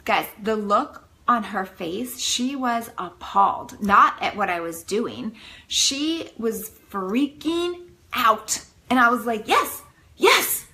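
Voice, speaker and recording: Bright, animated woman vlogger. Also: fairly high pitch, slow pace, rough recording. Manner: animated, dramatic, peppered with "like". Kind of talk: casual storytelling to camera.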